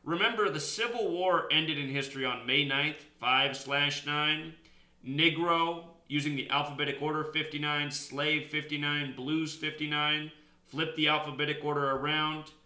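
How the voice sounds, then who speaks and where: A man hosts a solo commentary video, pressing each point in an emphatic, lecturing way. His voice is very bright and forceful and sits a little high. The room around him rings with echo. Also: fairly even intonation, normal speed. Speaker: host.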